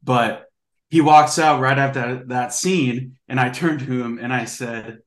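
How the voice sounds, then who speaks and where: A man's voice: mid-range voice, steady tone, measured pace. Young man chatting animatedly in an echoey room. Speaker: guest. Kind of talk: casual podcast chat. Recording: roomy echo.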